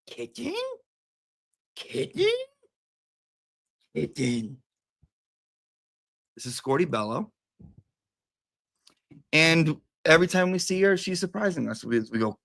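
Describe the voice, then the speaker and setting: A man's voice: on the high side, fairly bright tone. Rambling, playful man chatting casually. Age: adult with a daughter. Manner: rambling and playful, calls a cat in a sing-song voice. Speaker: host. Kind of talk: casual livestream chat.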